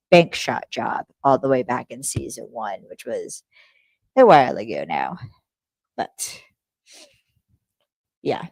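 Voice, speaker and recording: With no echo on the recording, a young adult woman whose low voice is gravelly and darkish hosts a podcast recapping an episode. Her delivery is casual and rambling, full of swearing and self-corrections.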